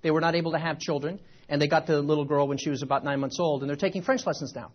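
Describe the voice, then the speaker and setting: Husky-voiced man lecturing a seminar crowd. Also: on the high side, very fast, muffled recording. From United States. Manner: animated, repetitive, rhetorical questions to the audience. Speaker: seminar speaker. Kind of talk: motivational seminar talk. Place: event room with a live audience.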